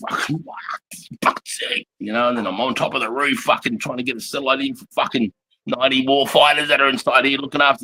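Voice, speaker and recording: In a medium-pitched, bright, forceful voice carrying a little hiss or hum, an Australian army veteran in his forties shares war stories. The chat is casual and rambling, full of profanity and frequent laughter.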